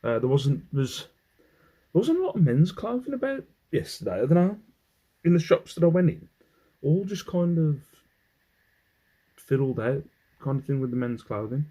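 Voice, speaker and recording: A man's voice: fairly high pitch, very animated, normal speed, pauses often, dark tone, slightly rough, poor audio. An English man in a casual haul vlog, rambling as he goes through his finds and humming to himself between items. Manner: rambling, hums while sorting items. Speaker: clothing reseller.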